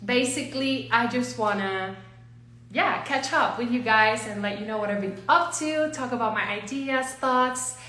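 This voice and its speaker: A woman hosts a casual livestream, greeting her viewers one by one in a bubbly manner. Her voice is high and bright, and her pace is slow and unhurried. She is recorded at home in a room with noticeable echo. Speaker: livestream host. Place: home, neighbors gardening outside.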